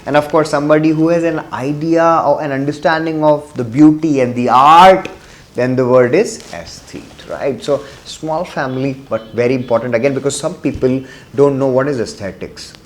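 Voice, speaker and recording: A man's voice: medium pitch, steady tone, moderate pace. A man giving a test-prep vocabulary lesson, often switching into Hindi and repeating key words for emphasis. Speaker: vocabulary teacher.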